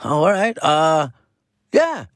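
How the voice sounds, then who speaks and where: A laid-back young teacher trying to be one of the kids, as a man acts him out. The voice sits well above a normal man's speaking pitch and swings widely from word to word. His delivery is a slangy, eager-to-please drawl, recorded close and dry. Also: sing-song, takes it slowly, dry recording, full character voice.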